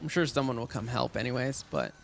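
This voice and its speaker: A man's voice: mid-range voice, quick pace, vocal fry, a bit bright, faint music behind. A man chatting casually and rambling with lots of fillers as he streams a game. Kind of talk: casual gaming stream chat.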